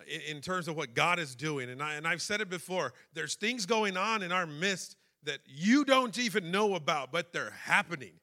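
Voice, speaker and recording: A man preaching a sermon, emotional and personal, building to shouted fervor. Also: sits high.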